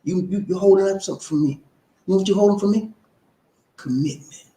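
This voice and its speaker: A man talks straight to his viewers in a loose, colloquial way, coaching them on relationships. His voice sits a little high for a man. The sound is echoey, as if from a bare room. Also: fast talker, long pauses, mellow. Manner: chatty, sings snippets and hypes up viewers, laughs often. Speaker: relationship advice channel host. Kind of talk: casual talk to camera.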